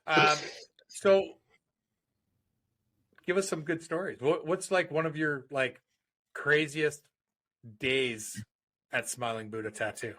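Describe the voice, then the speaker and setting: A man's voice: fairly high pitch, slow pace, pauses often, sharp tone. A man hosting a casual podcast, chatting easily and often answering with short agreeing words. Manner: laid-back, many short agreeing interjections. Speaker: podcast host. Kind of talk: casual chat.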